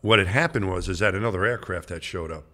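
Deep-voiced man around sixty telling a story. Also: quick pace, sharp tone. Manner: rambling, conversational storytelling with many restarts; acts out others' lines in quoted voices. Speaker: podcast guest, former astronaut. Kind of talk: casual anecdote telling.

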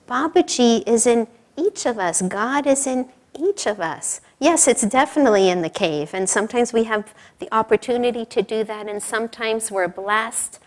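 A woman's voice: fairly high pitch, lively intonation, moderate pace. Chatty, laughing woman giving a talk. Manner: chatty, laughing often, full of asides. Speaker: speaker at a spiritual service. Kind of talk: informal sermon told as a personal story.

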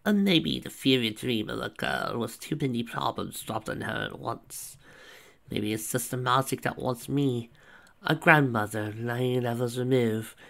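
A man's voice: mid-range voice, vocal fry, fairly bright tone. A man voicing a sorrowful female ancestral spirit who speaks in an earnest, pleading way.

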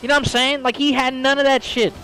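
A man's voice: extremely high pitch, flat delivery, quick pace, pushed and bright. A man streaming a game while telling a story in casual, profane slang, calling his listeners bro.

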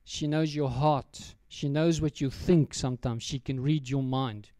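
A man's voice: mid-range voice, fairly even intonation, unhurried, mellow, dry recording. A man, preaching a sermon as pastor and telling a story in a direct, storytelling way, often turning to address the children.

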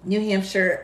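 A woman with a raspy voice and a Texas accent, an attorney on a live stream who reads legal text aloud and chats with viewers between passages, laughing often. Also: medium pitch. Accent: Texan. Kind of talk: casual live-stream reading and commentary.

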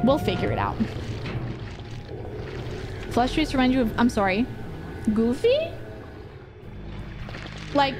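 A high-voiced woman streams a game, chatting and cursing casually as she plays. Her pitch leaps around a lot, and music plays clearly underneath. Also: animated, takes it slowly, long pauses. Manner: chatty, talks to chat and to the game, swears freely. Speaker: streamer playing a horror game. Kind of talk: casual live gameplay commentary with swearing.

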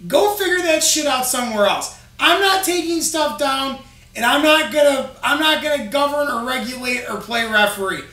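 A man's voice: very high-pitched, normal speed, pushed and bright, reverberant, recorded from a distance. A man co-hosting a casual chat, blunt and dismissive, swearing freely. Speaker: podcast co-host, group admin.

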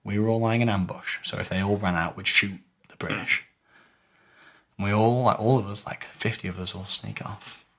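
A man's voice: lowish voice, moderate pace, creaky. A man co-hosting a podcast, telling a weekend adventure in casual chat, swearing freely and acting out what people said. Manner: lively storyteller who swears freely and acts out quotes. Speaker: podcast co-host telling a story. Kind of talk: casual chat recounting a live-action role-play weekend.

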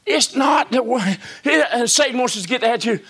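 A man preaching a sermon in a church service, folksy and full of rhetorical questions, swinging between hushed whispers and shouts. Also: very high voice, a little fast, husky.

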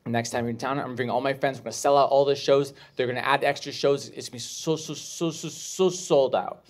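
A man's voice: mid-range voice, flat delivery, fast talker, lightly acted. A man voicing a chatty, overeager woman fan who rambles. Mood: effusive. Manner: effusive, rambling. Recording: live club audience noise.

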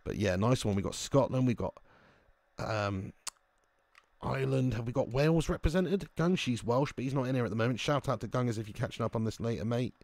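A young man streaming a football video game, excitedly commenting, swearing at his players and greeting viewers in chat. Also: mid-range voice, fairly quick, gravelly, no room sound. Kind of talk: live game commentary and chat shout-outs.

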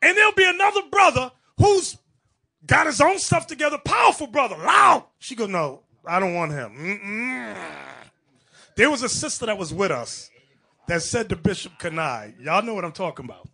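A male preacher with a high, husky voice delivers an animated sermon. His pitch swings widely, and his tone is bright and forceful. He is emphatic and mocking, and he acts out the people in his stories. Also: a little fast.

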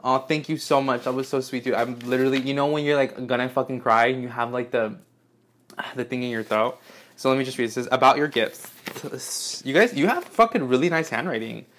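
A young man unboxing fan mail in an excited, gushing vlog, swearing often and gasping as he reads letters aloud. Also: medium pitch, fairly quick. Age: young adult. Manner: gushing, swears a lot, gasps and squeals.

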